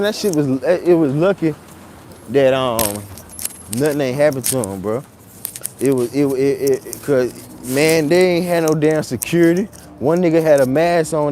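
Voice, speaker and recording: A man's voice: mid-range voice, a little hiss or hum. A man, telling a story live while walking city streets in the rain, recorded on a phone. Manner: animated retelling, acts out quotes loudly, then muses quietly. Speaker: vlogger.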